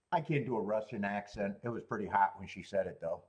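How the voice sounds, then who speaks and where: A man's voice: fairly low pitch, a little fast, hardly any pauses, breathy edge. A man hosting a live horse racing stream, rambling and joking while greeting viewers in chat.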